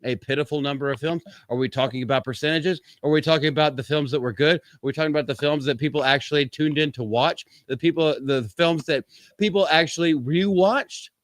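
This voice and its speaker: A man's voice: on the high side, fairly quick, no echo. A man hosting a live-stream commentary show, reading quotes aloud and interrupting them with a profane, mocking rant. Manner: reads quotes aloud and interrupts with sarcastic asides. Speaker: podcast host.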